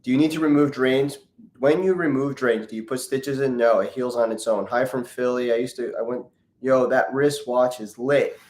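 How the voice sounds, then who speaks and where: A man's voice: mid-range voice, steady tone, brisk, darkish tone. A man, a plastic surgeon, hosting a casual live Q&A, reading viewer comments aloud and joking as he greets people by name. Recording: roomy echo.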